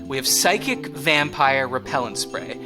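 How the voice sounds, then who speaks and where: A man's voice: mid-range voice, expressive, measured pace, over music. A man hosting a comedy podcast, talking in a playful, giggly, rambling way. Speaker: podcast host.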